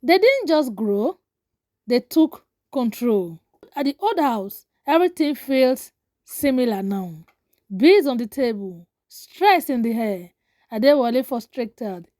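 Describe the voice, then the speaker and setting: A woman's voice: fairly high pitch, very animated, takes it slowly, a little mellow, no room sound, clean studio sound. A woman narrating a scripted drama story in short, dramatic declarative lines.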